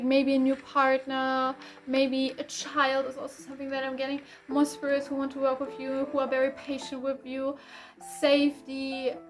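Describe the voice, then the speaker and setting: Woman tarot reader, high-pitched, casual and rambling, faint instrumental music underneath. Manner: chatty, rambling, with many fillers and self-corrections.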